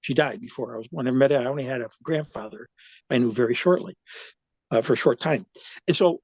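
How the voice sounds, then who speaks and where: A man's voice: mid-range voice, quick pace, a little mellow, slightly rough, dry recording, lo-fi sound. A man in his seventies, a guest in an interview, telling a personal story in a rambling way, full of restarts and fillers.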